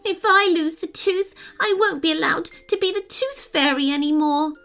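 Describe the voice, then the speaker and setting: Tiny storybook tooth fairy, female, anxious and teary, very high and wispy, slightly distant sound, put on by a woman narrator. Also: moderate pace, fairly bright tone, faint music behind. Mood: distressed. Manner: whimpering, high and trembling.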